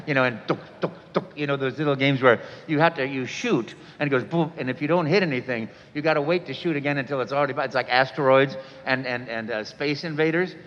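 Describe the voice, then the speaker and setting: A man, a voice actor, telling a story on stage in an animated way and voicing people in it. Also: medium pitch, quick pace, few pauses. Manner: animated, voices other people in his stories. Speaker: voice actor guest. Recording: echoey hall, dull sound.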